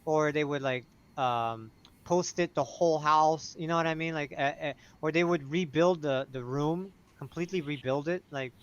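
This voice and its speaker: A man's voice: on the high side, normal speed, clear, resonant tone. Rambling man on a lo-fi stream. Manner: rambling, lots of "like". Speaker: show regular. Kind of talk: casual late-night live stream chat.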